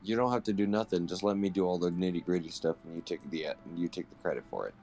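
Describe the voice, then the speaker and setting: A man's voice: sits low, fast, darkish tone, a little hiss or hum. A man streaming a game, chatting casually in a rambling, joking way and swearing freely. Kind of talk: casual chat while gaming.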